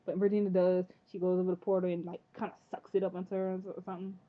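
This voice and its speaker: A woman giving an excitable, casual recap of a TV episode. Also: lowish voice, fast. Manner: chatty, excitable, says "freaking" often. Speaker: TV episode reviewer. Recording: tinny phone-like audio.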